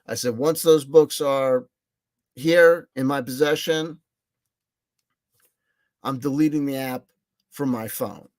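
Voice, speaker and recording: A man vlogging in a rambling casual monologue, excitable and self-mocking, repeating himself, swearing and laughing as he talks. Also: mid-range voice, slow pace, long pauses, dry recording.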